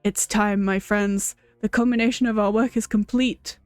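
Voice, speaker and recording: A woman's voice: mid-range voice, steady tone, normal speed, smooth, no echo, soft background music, lightly acted. A woman voicing a pompous, self-satisfied male alchemist, reading game dialogue aloud in a grandiose, declamatory way.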